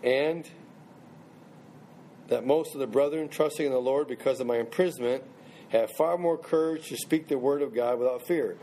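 Mellow-voiced man leading a Bible study. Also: medium pitch, normal speed, slight background noise. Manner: conversational, repeats and restarts phrases, asks the group questions. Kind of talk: informal Bible teaching.

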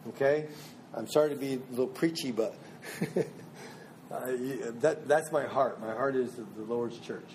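A man's voice: medium pitch, dark tone, a little hiss or hum. A man teaching a small Bible study group in a conversational way, restarting phrases and checking in with questions.

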